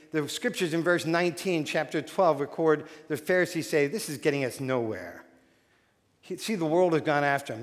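High-voiced pastor preaching in an echoing hall. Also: male voice. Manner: animated storytelling with frequent restarts. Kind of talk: sermon. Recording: long hall reverb.

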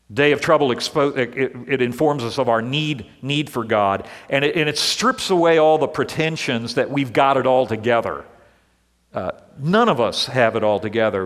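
A male pastor preaching a sermon in an earnest, deliberate way, leaning on repeated words, in a church sanctuary. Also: mid-range voice, fairly bright tone. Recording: long reverb of a large hall.

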